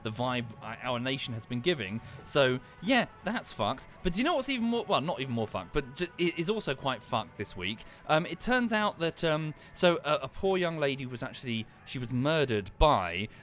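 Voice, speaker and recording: British man, game streamer, very animated pitch, sweary, self-interrupting, clear background music. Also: normal speed, hardly any pauses. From United Kingdom. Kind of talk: casual gameplay commentary and chat.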